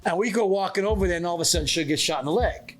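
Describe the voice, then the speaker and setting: A man's voice: sits high, racing, faint music behind. A middle-aged man co-hosting a podcast, telling a story in casual chat and acting out the lines of the people in it. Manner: animated storyteller acting out quotes. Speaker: podcast co-host.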